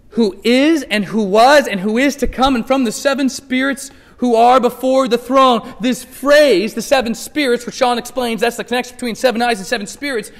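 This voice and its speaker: A pastor with a notably high voice delivers a lively sermon in a church sanctuary. He talks to the crowd casually, dipping into quiet asides before bursting out with emphatic lines. A long reverb trails behind every phrase. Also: creaky. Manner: animated, swings from hushed asides to loud emphatic bursts; conversational, playfully acts out scripture scenes.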